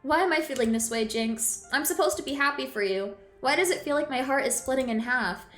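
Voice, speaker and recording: A woman voicing a gentle, anxious teenage girl in a game, reading her lines softly and earnestly. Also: sits high, a little fast, echoey room, soft background music. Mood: sad.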